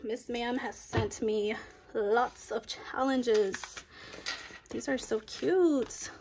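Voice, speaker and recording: A budgeting vlogger, a young woman with a slightly high voice, chats casually while counting cash for her budget, speaking extremely slowly over background noise. She counts the bills aloud in a chatty, upbeat cash-stuffing session.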